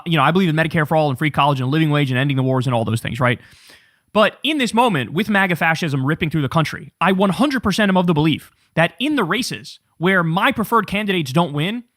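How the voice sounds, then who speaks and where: A man's voice: high voice, a bit bright, no room sound, clean studio sound. A man hosting a political commentary show, ranting in a fiery, profane and sarcastic way.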